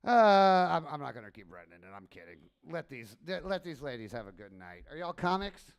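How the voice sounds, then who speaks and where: A man's voice: a little high, sing-song, fairly quick, smooth, dull audio. Crude joking man bantering onstage. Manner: joking, crude, teasing the crowd. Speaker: stand-up comic. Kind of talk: casual stage banter.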